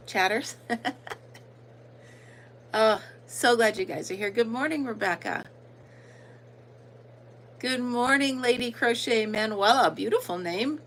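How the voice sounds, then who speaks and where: Country gal hosting a live stream, chatty, lots of ums, says hi to everyone. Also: female voice, fairly high pitch, a bit bright, slight background noise, low-quality recording. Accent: American country. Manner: chatty, greets viewers by name, filler ums. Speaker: livestream host. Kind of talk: casual livestream chat.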